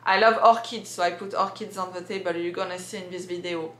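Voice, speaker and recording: Bright-voiced French woman, echoey room. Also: on the low side, fairly even intonation, brisk. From France. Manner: hesitant, many fillers and restarts. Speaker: vlogger. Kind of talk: casual how-to vlog.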